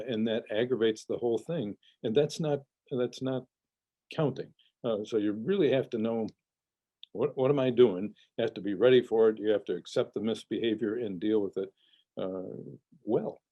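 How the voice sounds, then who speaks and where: An older man, a parenting expert, giving measured advice in an interview with frequent restarts and fillers. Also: lowish voice, dark tone, low-quality recording.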